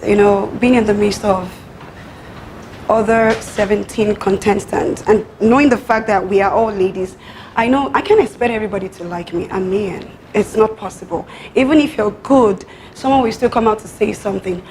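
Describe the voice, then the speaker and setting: A woman's voice: mid-range voice, normal speed, soft background music. A young Nigerian woman, a pageant contestant, defensively retelling a kitchen dispute in a reality show confessional. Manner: defensive, animated retelling with quoted exchanges.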